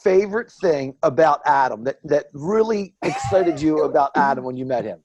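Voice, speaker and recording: A man's voice: a little high, lively intonation, normal speed, lo-fi sound, a crowd in the background. A man guest on a radio talk show asking questions and chiming in with eager encouragement. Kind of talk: casual chat.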